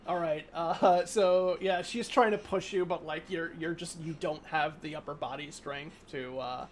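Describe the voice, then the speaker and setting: A man's voice: high voice, a little hiss or hum. A man running a tabletop game as game master, rambling through scene descriptions with many fillers and restarts.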